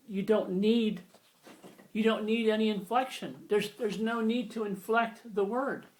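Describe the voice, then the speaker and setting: A man in his sixties giving a casual, rambling video lesson on grammar, self-deprecating and full of fillers and restarts. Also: high-pitched. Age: 60s. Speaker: video lecturer.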